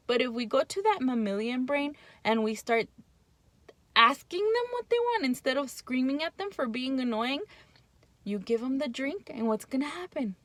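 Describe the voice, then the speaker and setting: Blunt, chatty woman with a higher voice. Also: a bit bright, no echo. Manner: conversational, checks in with frequent "right?"; blunt, casually profane. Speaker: parenting speaker. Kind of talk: casual explanatory talk.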